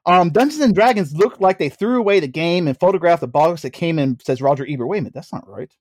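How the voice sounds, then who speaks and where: A man's voice: a little high, lively intonation, quick pace, no room sound. A man hosting a casual comedic movie review chat, joking and laughing often. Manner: jokey, laughs often, teasing. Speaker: podcast host.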